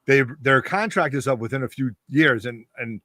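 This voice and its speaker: Podcast host, man, middle pitch, upbeat hype, dry close mic. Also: bright, forceful tone, dry recording. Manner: hypes things up, quick reactions. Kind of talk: casual podcast chat.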